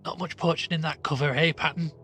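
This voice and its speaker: A man voicing a country squire who speaks in a brisk, commanding way. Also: fairly high pitch, fairly even intonation, sharp tone, faint music behind, pitched above the performer's own voice.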